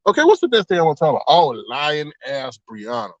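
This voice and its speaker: Speaking quickly in a slightly high voice, a man livestreams with no room sound on a muffled recording. He chats casually to viewers about online drama, telling it animatedly and acting out each quoted exchange.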